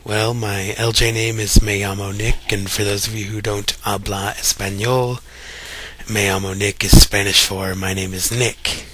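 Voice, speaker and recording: A man's voice: on the low side, measured pace, background noise. A young man from Kentucky with a light Kentucky accent, chatting casually and reading a word list aloud for a voice meme. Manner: relaxed, chatty, reads words one by one.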